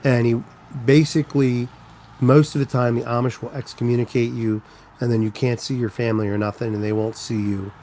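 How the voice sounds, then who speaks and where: A man's voice: medium pitch, little pitch movement, brisk, warm tone, a little hiss or hum. Man, live-stream host, casual rambling chat, answers comments, storyteller. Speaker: trucker livestreaming, reading chat.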